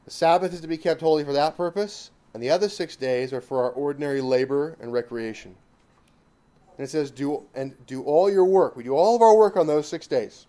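Man with a fairly high voice, Bible teacher, emphatic, drives points home with repetition. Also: lively intonation, normal speed, dark tone. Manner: emphatic, with rhetorical questions and repetition. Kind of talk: catechism teaching.

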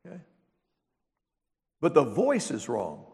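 A man's voice: on the high side, wildly swooping pitch, slow pace, vocal fry, darkish tone. A man preaching a sermon as pastor, teaching in a conversational way and asking the congregation rhetorical questions. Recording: long reverb of a large hall.

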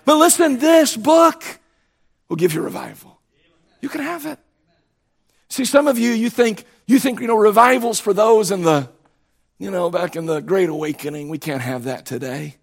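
Male preacher, high-pitched, emphatic repeating delivery, loud peaks and quiet drops, slightly hoarse. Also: moderate pace. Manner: emphatic, repetitive, rising to shouts then dropping low. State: voice starting to go hoarse. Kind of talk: sermon. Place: church sanctuary.

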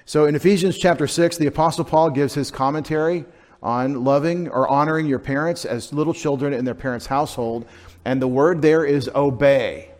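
A middle-aged man, preaching a sermon in a conversational, self-deprecating way, dropping into quiet asides. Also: fairly high pitch, moderate pace. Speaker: pastor.

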